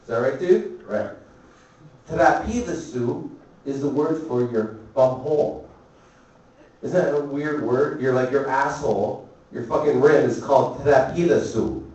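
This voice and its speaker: A man doing stand-up comedy, telling a rambling, profane story and tossing quick asides to the crowd. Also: medium pitch, darkish tone, recorded from a distance, muffled recording. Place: comedy club. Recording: echoey club recorded from afar.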